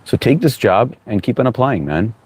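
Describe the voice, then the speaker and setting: In a slightly rough, mid-range voice at a moderate pace, a man hosts a casual live stream. He reads chat comments aloud, greets viewers by name, and hands out easygoing, encouraging advice.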